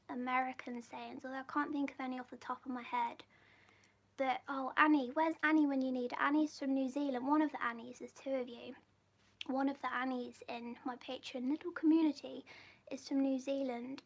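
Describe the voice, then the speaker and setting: High-voiced British woman whispering chat. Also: vocal fry. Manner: chatty, rambling and giggly. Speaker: livestream host reading viewer comments. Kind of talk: soft-spoken live chat, often whispered.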